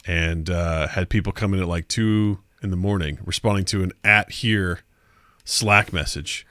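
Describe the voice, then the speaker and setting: A man's voice: low-pitched, a little slow, bright, forceful tone, no room sound, studio quality. A man from Missouri, hosting a podcast in loose, rambling, jokey chat full of filler words. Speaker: podcast host.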